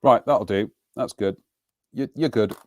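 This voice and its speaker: A man's voice: lowish voice, unhurried, a little mellow, slight background noise. A middle-aged man hosting a live model-building broadcast from his home workbench, chatting in a rambling, self-deprecating way. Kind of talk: casual live demonstration and chat.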